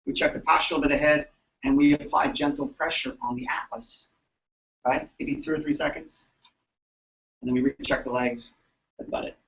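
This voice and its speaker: A man tells a lively story to a convention audience and acts out the voices of the people in it. His voice sits a little high for a man. The sound is dull and lo-fi, caught from some distance off the mic. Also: moderate pace, vocal fry, pauses often. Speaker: chiropractor. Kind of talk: storytelling talk to a live audience. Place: event floor at a convention.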